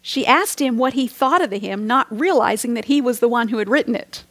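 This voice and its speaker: Middle-aged woman Bible teacher, earnest devotional sermon, somewhat high voice with gravelly fry, close dry recording, dips into soft whispers. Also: a little fast, no room sound. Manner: earnest, reflective, drops to near whispers.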